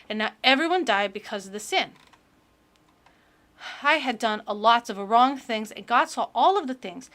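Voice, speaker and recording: A woman voicing an earnest little girl who reads a children's book aloud, in a sing-song, halting way with childlike slips. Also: a little high, a bit bright.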